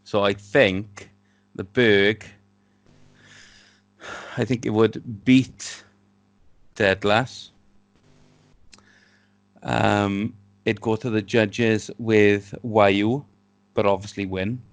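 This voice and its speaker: A man's voice: lowish voice, fairly even intonation, drawn-out words, long pauses, no room sound. A man from Wales with a South Welsh accent chats as a podcast guest. He hesitates and rambles, often laughing at himself. The sound is dry and close. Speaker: guest, robot builder. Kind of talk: casual podcast chat.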